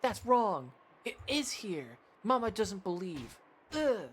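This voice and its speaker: A man voicing a stubborn little girl who whines in a shrill, repeated cry. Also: very animated, slow pace, fairly bright tone, a little hiss or hum, exaggerated voice. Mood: insistent whining.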